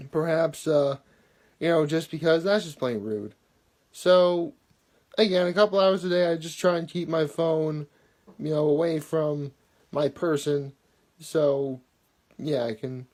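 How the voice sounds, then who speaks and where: Young male daily vlogger, slightly raised pitch, loose rambling delivery with lots of "you know". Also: a little mellow. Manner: rambling, many fillers and self-corrections. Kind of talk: casual rambling chat. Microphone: phone held in hand.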